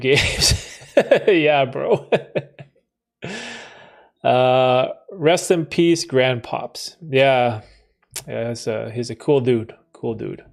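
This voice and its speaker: A man in his thirties hosting a live stream, reading out chat comments and answering them in a relaxed, chatty way, laughing often and restarting his sentences. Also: medium pitch, gravelly. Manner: laid-back, laughs often, trails off and restarts. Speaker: livestream host answering chat.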